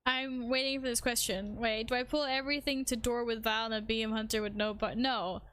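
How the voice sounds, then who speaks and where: A woman plays a game on stream, chatting loosely with her viewers and her cat and humming little tunes between remarks. Her voice is fairly high, steady, and slightly bright, and she tosses in quick self-deprecating asides.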